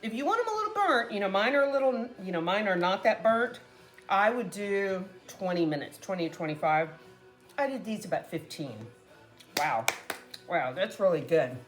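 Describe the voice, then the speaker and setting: A woman's voice: medium pitch, sing-song, normal speed, pauses often, faint music behind. A woman casually chatting to viewers while cooking at home, talking to them as "guys" and laughing often. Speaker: cooking vlogger. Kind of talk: casual cooking chat to camera.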